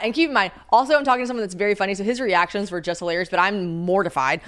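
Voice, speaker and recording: A woman's voice: medium pitch, very fast, few pauses. A young woman chats casually as a podcast host. She tells a candid story and acts out the lines of the people in it. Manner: candid, storytelling with acted-out quotes. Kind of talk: casual chat.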